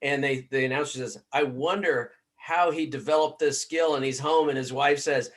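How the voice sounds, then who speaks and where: A man's voice: on the high side, fairly even intonation, moderate pace. A man hosting a sports podcast, asking questions in a chatty, easygoing way. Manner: chatty, laughs easily. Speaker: podcast host. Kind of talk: conversational interview.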